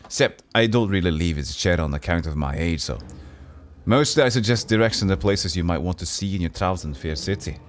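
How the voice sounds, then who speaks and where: Man doing a folksy old Scottish ex-guard. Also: low-pitched. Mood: chatty. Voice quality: folksy, drawling with old-timey phrasing. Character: friendly old retired male city guard, chatty guide.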